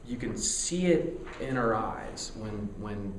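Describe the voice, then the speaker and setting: A musician being interviewed, talking candidly in a rambling, excitable way, full of stammered restarts and casual swearing. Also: male voice, fairly low pitch, slow pace, reverberant, a little hiss or hum.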